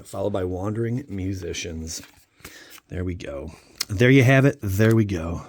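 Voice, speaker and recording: Low-pitched and unhurried, the channel host cracks jokes and speaks directly to viewers as he opens card packs in a casual vlog. He is an adult and the father of a young child, and his manner stays playful.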